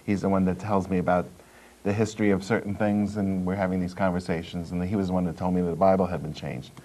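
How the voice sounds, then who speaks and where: Man, low voice, earnest, explanatory storyteller, talk show guest. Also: little pitch movement, fast, a little mellow. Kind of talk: studio talk show discussion.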